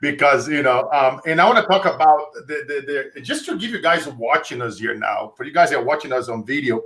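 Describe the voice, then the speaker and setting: Casting: bright, forceful Brazilian-accented man host, preachy motivational delivery. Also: medium pitch, lively intonation, brisk. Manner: preachy, rallying the audience. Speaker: interview host, motivational speaker. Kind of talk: live-streamed interview.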